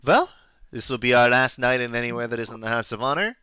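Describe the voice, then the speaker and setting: A man's voice: mid-range voice, animated, brisk, bright, forceful tone, clean tone, dry recording, dull audio. A man voicing an apologetic traveling companion who speaks hesitantly and trails off. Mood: sheepish.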